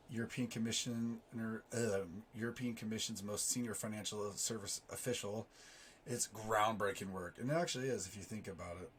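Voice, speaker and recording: A man with a hoarse, raspy voice from a sore throat, casually reading finance news articles aloud and breaking off into rambling, self-deprecating asides. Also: fairly low pitch, slight background noise. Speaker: finance YouTuber.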